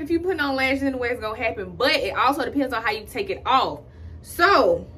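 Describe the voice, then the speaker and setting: A woman's voice: fairly high pitch, a bit bright, slight background noise. A young woman filming a casual get-ready-with-me tutorial at home, chatting straight to her viewers and calling them "y'all". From Houston, Texas. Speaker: beauty vlogger. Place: at home, indoors.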